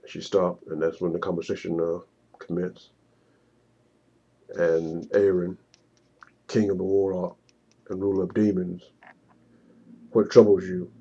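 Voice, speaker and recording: A man narrating a walkthrough of his own screenplay storyboard, halting and often repeating words. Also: sits low, little pitch movement, warm tone, breathy edge, highs cut off. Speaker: writer pitching his screenplay.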